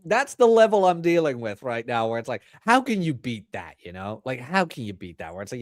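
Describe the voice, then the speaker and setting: Animated male author telling stories. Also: medium pitch, fairly quick, few pauses, no echo, studio quality. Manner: animated, acts out quoted dialogue. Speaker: author guest. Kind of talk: casual interview storytelling.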